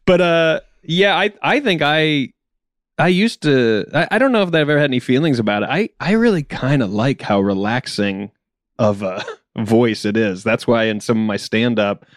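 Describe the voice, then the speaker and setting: A young man from South Carolina with a general American accent, talking loosely in a casual chat and often stopping to restart his sentences. He laughs often as he goes, at a middle pitch. The sound is close and dry, with no room echo. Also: lively intonation, normal speed. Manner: rambling, self-interrupting, laughs often. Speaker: stand-up comedian guest.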